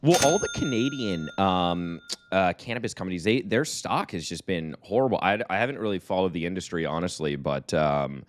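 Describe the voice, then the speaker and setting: A man's voice: low-pitched, animated, fairly quick, few pauses. A young man co-hosting a casual podcast, rambling and joking at his own expense. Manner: rambling, self-deprecating, joking. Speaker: podcast co-host.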